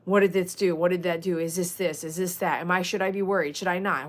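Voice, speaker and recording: A woman hosting a casual livestream as a dog groomer, chatting with viewers and reading their comments aloud. She is animated and swings from loud mock outbursts to soft, earnest talk. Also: fairly low pitch, fast talker, hardly any pauses. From Texas. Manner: chatty, reads out viewer comments, uses y'all.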